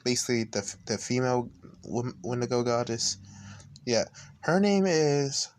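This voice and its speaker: A man's voice: mid-range voice, expressive, moderate pace, a little mellow. Chatty man rambling through a fan story. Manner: rambling, self-interrupting, chatty. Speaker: storyteller vlogger. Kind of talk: casual fan-story narration.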